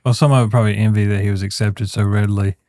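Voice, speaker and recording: A man hosting a podcast interview, chiming in with short reactions and quick questions. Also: on the low side, fairly even intonation, warm tone. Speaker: podcast host. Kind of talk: casual interview talk.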